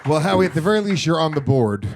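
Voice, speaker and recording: A man hosting a comedy panel game, trading quick joking banter with the guests. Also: fairly high pitch, very animated, over loud music, over a noisy crowd. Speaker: host.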